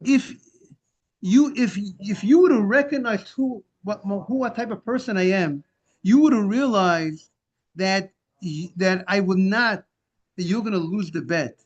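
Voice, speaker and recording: High-voiced man teaching Talmud on a call. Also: unhurried. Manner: animated explaining, translating Hebrew and Aramaic phrases. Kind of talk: Talmud class lecture. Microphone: video call. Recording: dull lo-fi video call audio.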